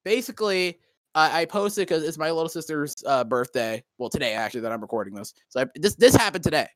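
A man's voice: a little high, expressive, quick pace, dry recording. A young man telling a story in casual chat, rambling and profane with many fillers and restarts. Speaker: co-host.

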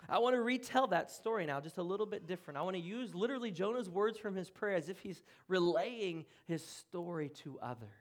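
A man pastor preaching a sermon in a church room, earnest, with dramatic pauses and drops to a hush. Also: sits high, lively intonation. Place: church room, speaking from the front.

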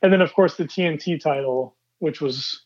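A man's voice: fairly high pitch, moderate pace, darkish tone. A man co-hosting a casual wrestling podcast, talking in an easygoing, reflective way. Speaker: podcast co-host. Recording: dull lo-fi mic.

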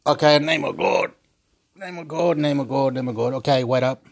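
A man's voice: medium pitch, normal speed, gravelly. Man, casual home vlogger on a phone mic; meandering, repetitive delivery, salty language, nervous laughs. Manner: meandering, repeats himself, frequent restarts; swears freely, laughs between phrases. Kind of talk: rambling casual monologue.

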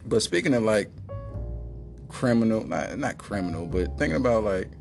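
A man's voice: on the low side, animated, moderate pace, gravelly, over music. Rambling, joking podcast man. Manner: rambling, joking, slips into silly voices. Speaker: podcast host. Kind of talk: comedic monologue.

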